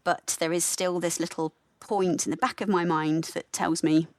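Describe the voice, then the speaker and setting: A woman with a softened English Midlands accent, a nurse talking candidly and reflectively as a podcast guest, often correcting herself mid-sentence. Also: on the low side, steady tone, moderate pace, no room sound. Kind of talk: relaxed podcast conversation.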